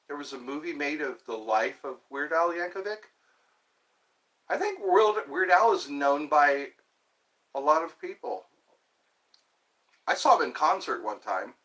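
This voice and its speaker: Male, 50s, solo stream host, slow meandering talker, sing-song animated delivery. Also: fairly high pitch. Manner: rambling, talks to himself, jumps between topics. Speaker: livestream host. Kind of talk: rambling solo livestream chat.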